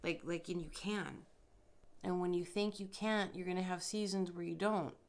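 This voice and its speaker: A woman's voice: fairly low pitch, steady tone, normal speed. A woman hosting a podcast, talking bluntly and emphatically in a casual spiritual monologue, with frequent swearing. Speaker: podcast host.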